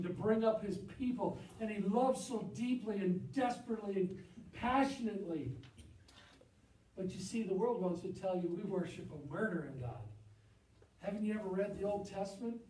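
A man preaching a sermon in a church, impassioned, swinging from loud emphatic peaks to low confiding asides. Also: echoey room, recorded from a distance, poor audio. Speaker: pastor. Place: church sanctuary.

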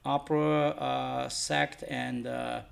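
A clear, resonant voice of medium pitch, slow and level with vocal fry, belongs to the man being interviewed about his DVD label. He chats casually, rambling, blunt and freely profane.

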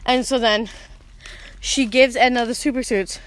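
A woman's voice: a little high, steady tone, measured pace. A young woman casually retelling a film to a friend, rambling and giggly with lots of fillers. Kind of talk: casual chat.

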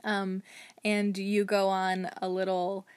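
A woman hosting a mindfulness podcast, talking in a gently encouraging way with the odd um. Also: medium pitch, monotone, slow pace, clean tone, dry recording. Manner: gently encouraging, with occasional ums. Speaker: podcast host.

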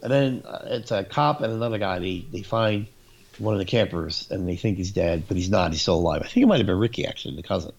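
Gravelly man telling a story. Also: deep voice, fast talker. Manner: animated storyteller, acts out quotes. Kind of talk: casual chat. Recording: dull lo-fi recording.

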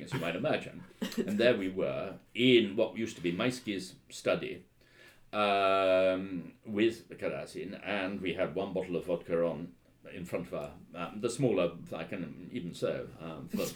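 Deep-voiced hesitant male historian. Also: moderate pace. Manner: hesitant, full of ums and restarts, wry. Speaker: historian and author. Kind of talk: anecdotal interview storytelling.

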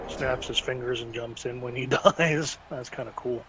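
A man's voice: mid-range voice, steady tone, normal speed, few pauses, a bit bright, faint music behind, poor audio. A man chatting casually, retelling a cartoon episode and acting out the characters' lines. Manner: rambling storytelling, acts out character lines.

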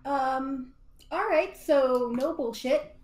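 High-voiced young woman with a lisp. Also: slow, darkish tone, reverberant. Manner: giggly, casual, drawling. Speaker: player. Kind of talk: in-character tabletop play.

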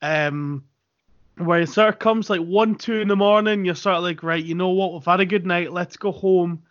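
A man's voice: high voice, steady tone, normal speed, a bit bright, dry recording, lo-fi sound. A Scottish man in his twenties hosting a podcast, rambling through anecdotes and swearing freely. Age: 20s. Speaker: podcast host. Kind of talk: casual chat.

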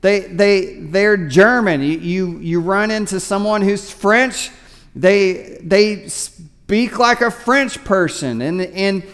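High-voiced male pastor preaching in reverb. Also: slow pace, a bit bright. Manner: conversational preaching, often repeats words. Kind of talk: sermon. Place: church sanctuary.

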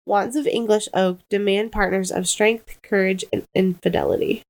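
A tired, yawning woman in a casual chat, reading quotes aloud in an easygoing, deliberate way. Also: medium pitch, steady tone, gravelly, darkish tone, low-quality recording.

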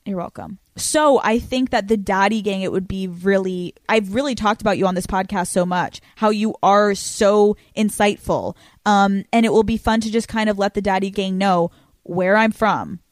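A young woman in her twenties hosting a podcast, telling stories quickly and casually with plenty of swearing. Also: mid-range voice, no echo. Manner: fast, profane, animated storytelling. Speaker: podcast host. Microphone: studio microphone.

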